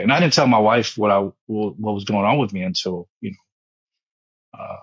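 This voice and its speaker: A man's voice: fairly low pitch, normal speed, breathy edge, muffled recording. A man in his thirties, a former pastor, telling his own story with emotion and repetition in an interview. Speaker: guest, foundation founder and former pastor.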